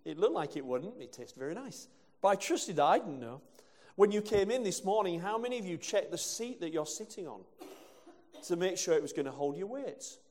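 A man's voice: sits high, expressive, brisk, a little mellow. A male preacher from England giving a conversational sermon with rhetorical questions and asides. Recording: long hall reverb.

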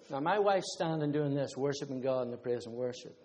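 A man's voice: medium pitch, brisk, a little mellow. Preacher man, echoing hall. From Ireland. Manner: conversational preaching with testimonies and asides. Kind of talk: sermon. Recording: long hall reverb.

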